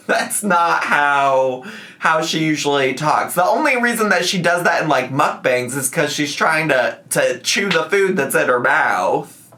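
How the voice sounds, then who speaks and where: A man's voice: a little high, bright, forceful tone. A young man giving casual reaction commentary, rambling and swearing with frequent laughs.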